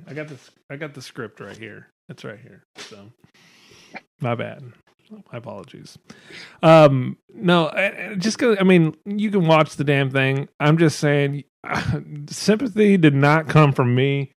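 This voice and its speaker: A man in his thirties hosting a casual podcast chat, telling stories in a profane, animated way, laughing often. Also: mid-range voice, no echo, studio quality.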